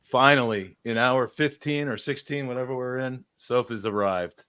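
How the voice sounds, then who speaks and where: A man's voice: medium pitch, normal speed, pushed and bright, clear, resonant tone. A man hosting a charity livestream podcast, chatting in a casual, upbeat and jokey way. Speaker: host.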